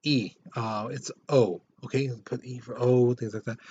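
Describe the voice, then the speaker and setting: A male history teacher lecturing a class in a relaxed, conversational way. His voice sits at an ordinary middle pitch. The recording is a little dull and lo-fi. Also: normal speed, slight background noise. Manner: casual, conversational explaining with repetitions.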